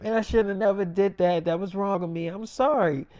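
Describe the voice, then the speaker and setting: A man's voice: high voice, steady tone, a little fast, a little mellow, clean tone, no echo, studio quality, lightly acted. A man voicing a young woman's lines as a pleading, defensive girlfriend who talks in whiny, insistent runs full of fillers.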